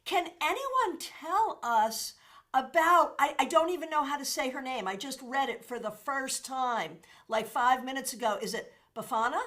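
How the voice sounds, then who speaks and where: A woman hosting a casual livestream, chatting with her viewers and thanking them by name. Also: a little slow. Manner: animated, with sudden jumps in pitch and loudness. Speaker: tarot reader and livestream host.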